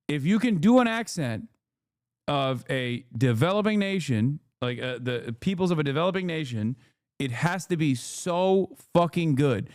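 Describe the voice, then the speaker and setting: A man's voice: fairly high pitch, darkish tone, no echo, clean studio sound. A man in his thirties, from the United States, streaming and ranting emphatically with lots of swearing and repeated lines for stress. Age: 30s. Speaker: streamer and political commentator. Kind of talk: casual ranting commentary.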